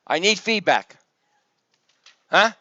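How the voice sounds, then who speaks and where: A man teaching a circuits review session, talking loudly, joking with students and coaxing them by name. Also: high-pitched, expressive, slow, no room sound. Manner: loud, projects voice to the room. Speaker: engineering professor. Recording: dull lo-fi, dry sound.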